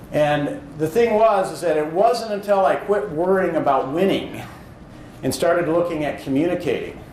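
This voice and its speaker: A man who speaks professionally tells a motivational story about his own career in an earnest, animated way, now and then acting out his own thoughts. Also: fairly high pitch, echoey room, a little hiss or hum, low-quality recording.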